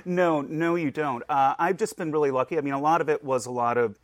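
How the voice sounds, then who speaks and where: A man's voice: fairly high pitch, steady tone, brisk, no room sound, studio quality. An American man answering interview questions about his museum career, easygoing and a little rambling. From United States. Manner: easygoing, rambling, laughs often. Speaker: museum director of collections.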